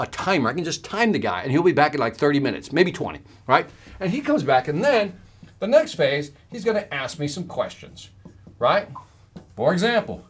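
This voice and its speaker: A man with a voice on the high side gives a workshop talk as a sales trainer. He tells a story, acting out both sides of the conversation and often checking in with "right?"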